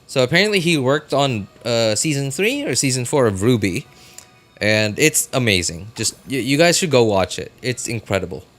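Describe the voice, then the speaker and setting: A man's voice: medium pitch, very animated, moderate pace, a bit bright, faint music behind. A man streaming a live reaction, chatting casually and rambling with many fillers and restarts.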